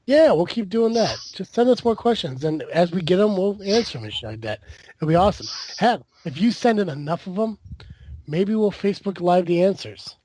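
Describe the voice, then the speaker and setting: A man's voice: sits high, expressive, a little fast, darkish tone. A man hosting a podcast in casual chat, loose, profane and jokey. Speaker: podcast host.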